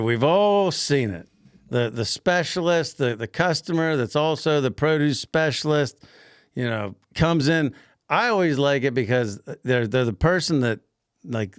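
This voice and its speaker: A man's voice: mid-range voice, dry recording, studio quality. A man co-hosting a podcast, chatting casually, laughing easily and joking with his partner. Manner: laughs easily, playful banter. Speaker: podcast co-host. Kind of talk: casual chat.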